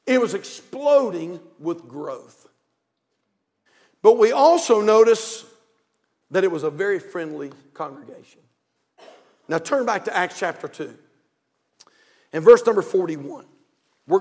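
High-voiced Southern pastor preaching in a hall. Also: male voice, expressive, normal speed, long pauses. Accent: North Carolina Southern US. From North Carolina, USA. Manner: fervent preaching with repetition, swinging from quiet asides to shouts. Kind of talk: sermon.

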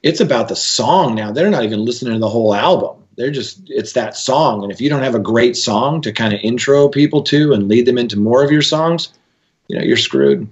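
A man's voice: medium pitch, lively intonation, a little fast, highs cut off. A man hosting an interview who chats casually and mostly answers with short agreeing remarks. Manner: brief agreeing replies. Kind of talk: casual conversation.

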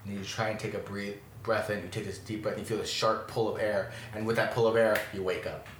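Soft-spoken deep-voiced man narrating a game. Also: fairly even intonation, a little fast. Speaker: game master. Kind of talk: narrating a tabletop game scene. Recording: roomy, with faint background noise.

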